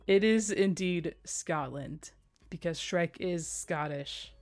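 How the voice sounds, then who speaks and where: A woman's voice: fairly low pitch, takes it slowly, a little mellow. A young American woman chatting casually on a live stream, giggling often and repeating phrases for emphasis. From United States.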